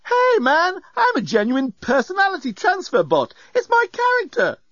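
A man's voice: very high voice, huge pitch swings, moderate pace, a bit bright, no room sound, pitched above the performer's own voice, full character voice. A man voicing a brash, laid-back robot bellhop who talks in breezy slang and sulks when scolded. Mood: breezy cheeky. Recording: dull, muffled sound.

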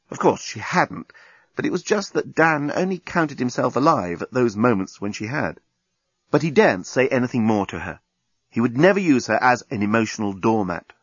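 A man narrating a storybook with a lively, expressive reading. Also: medium pitch, slightly rough, dry recording. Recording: dull lo-fi recording.

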